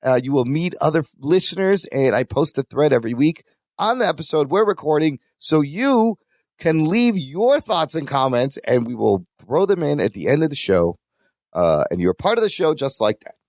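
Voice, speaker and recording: A man co-hosting a podcast, chatting about a sitcom episode and pitching the show's listener group. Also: no echo, studio quality. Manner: animated, reads a quick promo for listeners. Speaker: podcast co-host. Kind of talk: casual podcast chat and show promo.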